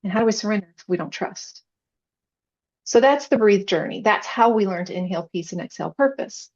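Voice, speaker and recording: Woman guest, earnest testimony, mid-pitched, slightly dull lo-fi sound. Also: expressive, fairly quick, a little mellow. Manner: earnest, emotional storytelling. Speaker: podcast guest, chaplain. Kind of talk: personal faith testimony.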